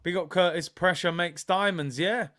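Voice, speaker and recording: A young man, hosting a live football watch-along in casual, excitable chat, reading comments and reacting to scores. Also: high-pitched, moderate pace. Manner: animated, excitable, with loud outbursts of reaction.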